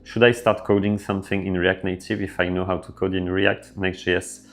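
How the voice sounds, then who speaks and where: A man with a French accent, hosting a casual developer livestream and answering viewer questions in a relaxed way with lots of fillers. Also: deep voice, moderate pace. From France. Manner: relaxed, filler-heavy, thinking aloud. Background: faint background music.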